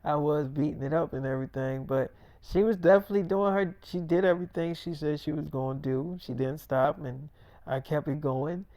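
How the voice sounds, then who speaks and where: Mellow-voiced man rambling a casual story. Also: a little high, brisk, dry recording. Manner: loose, repetitive, full of "you know". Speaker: vlogger.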